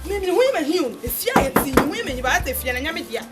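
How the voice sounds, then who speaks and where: A woman's voice: high-pitched, expressive, fast talker. An actress with a Ghanaian accent, playing a playful, rambling woman in a comedy-drama. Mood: chatty. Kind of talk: comic TV drama acting. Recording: loud music behind the voice.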